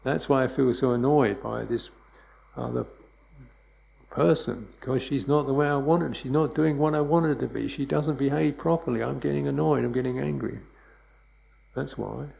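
A man giving a dharma talk as a meditation teacher, speaking in a relaxed, conversational way and chuckling often. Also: medium pitch, normal speed, vocal fry, rough recording.

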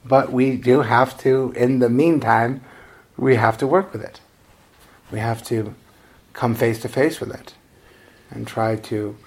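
A male meditation teacher giving a dharma talk in a relaxed, conversational way. His mid-range voice has a gravelly, creaky texture, and he keeps it self-deprecating with frequent chuckles. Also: mid-range voice.

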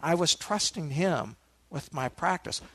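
A man giving a meditation dharma talk, a relaxed storyteller who adds asides to his listeners. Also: fairly high pitch, measured pace, dry recording. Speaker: meditation teacher.

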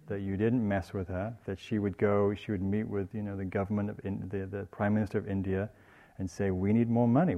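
A man giving a dharma talk as a meditation teacher, in a gentle and reflective teaching tone. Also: lowish voice, highs cut off. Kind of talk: dharma talk on loving-kindness.

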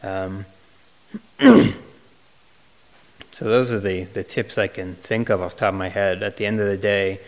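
Monk, male, low flat voice, unhurried retreat Q&A answers, reflective and hesitant. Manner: gentle, reflective, many fillers and restarts. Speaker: Buddhist monk answering questions. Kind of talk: retreat Q&A talk.

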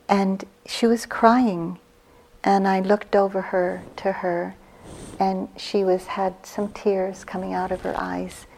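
A woman in her sixties, a meditation teacher giving a gentle, reflective dharma talk on retreat, her phrases trailing off softly. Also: medium pitch. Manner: slow, gentle, reflective storytelling with soft breathy trailing phrases.

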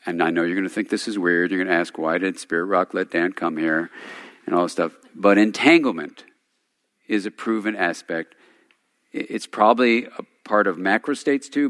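A man's voice: low-pitched, fairly bright tone. A man teaching at a day retreat, talking informally and telling stories with chuckling asides. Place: meditation center hall. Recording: long hall reverb.

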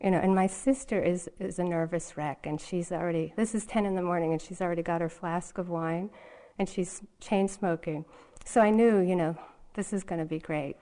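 A woman's voice: lowish voice, steady tone, normal speed, mellow. A woman meditation teacher giving a dharma talk, telling a personal story in a candid, rambling way full of fillers and restarts.

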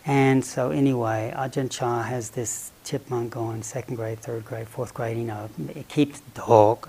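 Gravelly-voiced man telling a dharma story. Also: medium pitch, poor audio. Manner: animated, playful storyteller, drops to near-whisper at times. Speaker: Buddhist meditation teacher.

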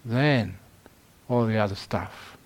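A man's voice: fairly low pitch, slow pace, creaky. A Buddhist monk from London giving a humorous dharma talk at a meditation retreat, telling stories and laughing at his own jokes. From London, England.

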